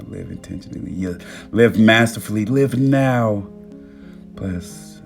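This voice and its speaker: Gravelly low-voiced man on a live stream. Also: normal speed. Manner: warm, affirming, talks about love and manifesting; excitable bursts with stumbling restarts. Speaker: TikTok live host. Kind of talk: casual live-stream chat reading comments. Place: at home. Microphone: phone. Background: soft music playing.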